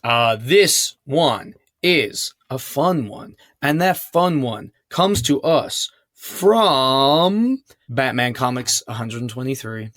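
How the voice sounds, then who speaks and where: A man's voice: mid-range voice, expressive, slow, a bit bright, no room sound, studio quality. Laid-back man co-hosting a podcast. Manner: laid-back, joking, advice-giving, puts on silly voices in quotes. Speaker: podcast co-host reading listener questions. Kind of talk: casual podcast chat.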